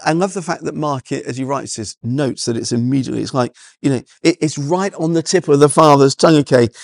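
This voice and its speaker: A man's voice: on the high side, creaky, darkish tone, no echo, studio quality. A man preaching a sermon in an earnest way, often repeating words and restarting his sentences. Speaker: pastor.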